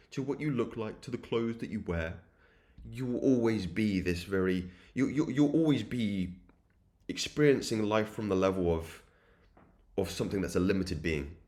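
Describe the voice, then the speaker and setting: Deep-voiced man preaching self-improvement. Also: moderate pace, darkish tone. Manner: earnest, repetitive, preachy cadence. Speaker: self-improvement channel host. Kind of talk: spiritual motivational monologue.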